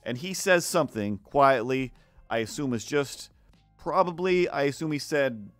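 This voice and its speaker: A man's voice: medium pitch, expressive, moderate pace, dry recording, soft background music. A man rambling sarcastically through a neighbor story during a casual art stream, acting out the quoted voices. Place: home art stream setup.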